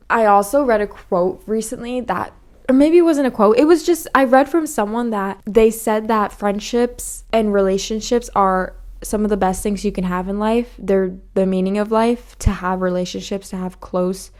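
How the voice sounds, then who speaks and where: A woman's voice: mid-range voice, darkish tone. A young woman hosting a solo podcast, talking frankly and confessionally, swearing freely and acting out past conversations. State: slightly out of breath. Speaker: podcast host. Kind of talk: candid solo podcast monologue.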